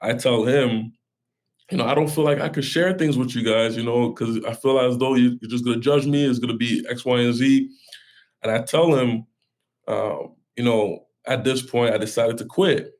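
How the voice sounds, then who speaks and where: Earnest and heartfelt, this pastor tells a personal story while guesting on a podcast. He speaks at normal speed in a medium-pitched, somewhat mellow voice, rushing in run-on bursts and restarting often.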